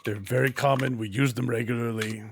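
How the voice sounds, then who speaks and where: A man's voice: mid-range voice, fairly even intonation, fairly quick, a little hiss or hum. A man playing a tabletop game in character over a video call, dry and exasperated, often stammering on restarts. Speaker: tabletop player.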